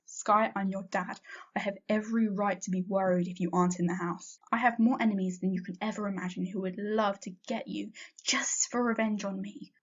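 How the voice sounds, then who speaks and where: A woman's voice: mid-range voice, fairly even intonation, fairly quick, breathy edge, lightly acted. A woman voicing a stern, protective father in a clipped, firm way, in a dull lo-fi recording.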